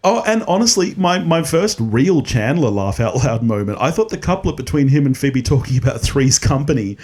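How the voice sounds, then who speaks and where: A man co-hosting a podcast in casual chat, teasing his co-host and laughing loudly. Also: medium pitch, big pitch swings, moderate pace.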